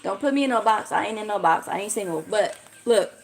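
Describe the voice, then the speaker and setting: A woman's voice: mid-range voice, animated, a little fast. A young woman ranting on a casual livestream, blunt and profane. She piles up slangy asides and talks with lots of animation. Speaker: livestream host.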